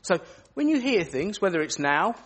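A man's voice: sits high, moderate pace. A man leading an interactive children's talk in church, asking the children questions as he goes. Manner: animated, asks children questions.

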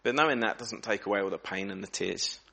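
A man preaching a sermon in a church, earnest and reflective, slowing down and dropping his voice for emphasis. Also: fairly low pitch, vocal fry, pushed and bright. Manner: earnest, reflective, varies pace and volume for emphasis.

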